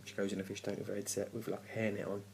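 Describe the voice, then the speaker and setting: A man rants through a casual TV review in a low, gravelly voice. He sounds grumpy and exasperated and swears freely. A faint hum sits underneath him. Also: monotone, very fast, darkish tone. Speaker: TV review vlogger. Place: home at night.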